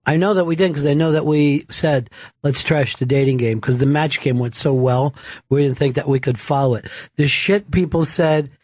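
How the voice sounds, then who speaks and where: A man's voice: on the high side, normal speed, no echo. A man co-hosting a comedy talk show, swearing freely and laughing through his stories. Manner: profane, laughs often, lively storytelling. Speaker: podcast co-host. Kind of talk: casual comedy banter.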